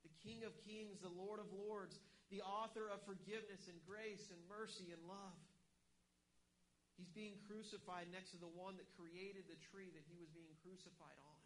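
A man with a rather high voice delivers an earnest sermon, pressing his points with emphasis and frequent restarts. A faint hum runs beneath the recording. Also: a bit bright, poor audio. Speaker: pastor.

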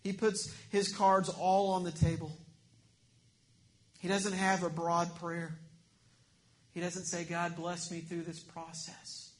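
A male pastor delivers a sermon with a notably high voice. He preaches earnestly, pressing some points hard and letting others fall to a hushed tone. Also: little pitch movement, slow, long pauses, a little hiss or hum. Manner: earnest preaching, swings between emphatic and hushed.

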